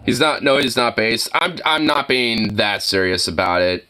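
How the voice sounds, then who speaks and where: A man's voice: medium pitch, normal speed, pushed and bright. A man streaming, reacting to clips with profane, mocking commentary and frequent laughter. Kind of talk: casual commentary.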